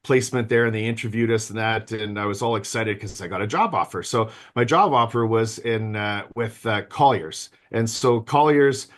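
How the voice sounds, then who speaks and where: A man in his fifties with a lowish voice speaks at normal speed, barely pausing, as he gives a virtual seminar on business planning. Chatty and self-deprecating, he addresses his audience directly over a video call mic.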